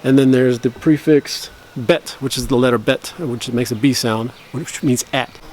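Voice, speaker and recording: Speaking in a steady, medium-pitched, darkish voice, this man explains his language learning to camera at length, often correcting himself. He slowly and carefully practices phrases, with a little hiss or hum in the background.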